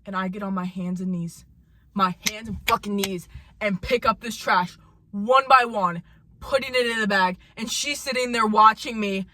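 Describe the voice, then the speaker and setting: A young woman with a bright, sharp tone rants about her day in a casual storytime vlog. She talks heatedly, swears freely, and repeats lines over and over to hammer them home. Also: normal speed, no echo. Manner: mimics coworker in high sing-song voice. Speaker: vlogger telling a work story.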